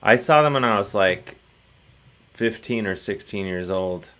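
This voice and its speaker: A man's voice: on the low side, unhurried, fairly bright tone. A man hosting a casual talk show, rambling and self-deprecating, often restarting his sentences. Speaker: host.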